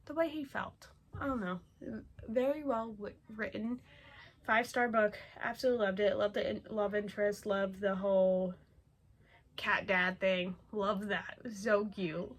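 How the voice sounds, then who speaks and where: A woman's voice: mid-range voice, fairly even intonation, a little slow. A young woman chatting at home about the books she read this month, gushing and rambling with lots of fillers and repeated words. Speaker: book vlogger. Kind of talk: casual monthly reading wrap-up.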